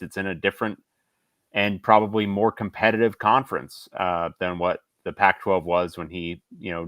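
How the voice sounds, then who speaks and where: A male podcast co-host in casual sports chat, talking in a measured, hedging way with fillers. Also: sits low, fairly bright tone, no room sound.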